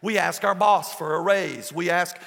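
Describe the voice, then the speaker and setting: A male pastor preaching a passionate sermon, swinging between soft, low passages and loud bursts. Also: moderate pace, gravelly. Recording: long hall reverb.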